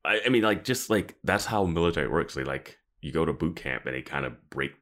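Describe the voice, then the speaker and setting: A man's voice: extremely low pitch, animated, brisk, a bit bright. A man co-hosting a casual chat, rambling and often laughing as he talks. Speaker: podcast co-host.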